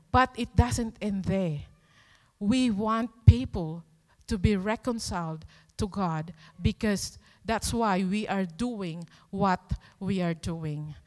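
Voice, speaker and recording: A woman delivers a sermon at an unhurried, deliberate pace, pressing her points with earnest emphasis and rhetorical questions. Her voice rings out with a long reverb from the church hall around her. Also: mid-range voice. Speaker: preacher.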